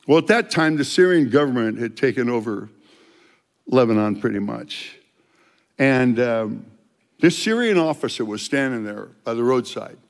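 An older man, a street evangelist, telling testimony stories in an animated way and loudly acting out the dialogue. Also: mid-range voice, normal speed, long reverb tail. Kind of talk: storytelling testimony.

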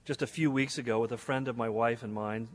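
A man's voice: mid-range voice, steady tone, fairly quick. A man, a pastor, reading a letter aloud in a sermon in an earnest, dramatic way. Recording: echoey hall.

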